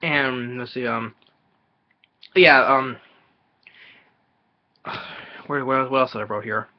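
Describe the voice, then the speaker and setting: A movie reviewer vlogger rants through a trailer reaction video, his male voice medium in pitch, slow, and fairly even in intonation. Exasperated, he stumbles, starts over and repeats himself. The recording is dull and lo-fi.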